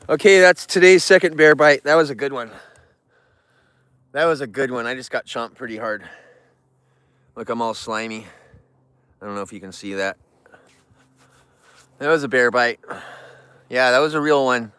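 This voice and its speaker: A man's voice: mid-range voice, moderate pace, pauses often, fairly bright tone, clean tone, dry recording. A man livestreaming from among bears, chatting with his viewers in an emotional way and greeting them and the animals by name. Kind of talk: casual livestream chat to viewers.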